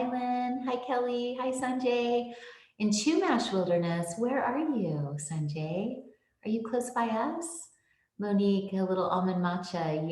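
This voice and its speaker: A woman's voice: medium pitch, reverberant. A woman hosting a live online tea ceremony from her small home tea room, greeting viewers by name with bubbly exclamations. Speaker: host.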